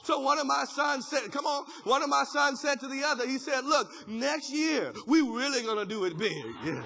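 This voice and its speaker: A man's voice: very high voice, normal speed, creaky, few pauses, bright, forceful tone. A man preaching a sermon as pastor, building fervor through repeated phrases and call-outs to the congregation.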